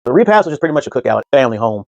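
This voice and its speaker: A man's voice: mid-range voice, very fast, creaky, dry recording, highs cut off. A man telling a casual personal story as a podcast host, loose and conversational, acting out the people he quotes. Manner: animated, acts out quoted speech in others' voices; loose and conversational, full of fillers.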